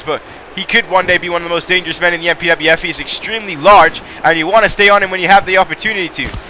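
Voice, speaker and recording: A high-voiced man calls a video game wrestling match play by play. His tone is bright and sharp, and he gets excitable and swears casually as he talks. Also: slight background noise. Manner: excitable, mildly profane, breaks into laughs. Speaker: commentator.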